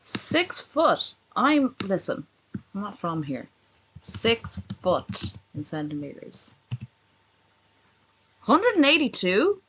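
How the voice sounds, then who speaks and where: A woman's voice: medium pitch, sing-song, slow, pauses often, a bit bright, breathy edge, poor audio. A woman streamer reacting live to a video, sarcastic and swearing constantly in casual commentary.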